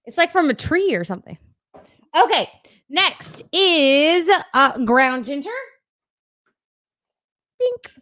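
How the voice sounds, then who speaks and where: A woman's voice: high-pitched, expressive, a little slow, sharp tone. A young woman, co-hosting a casual chat while mixing a cocktail, bawdy and giggly and swearing freely. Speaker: co-host.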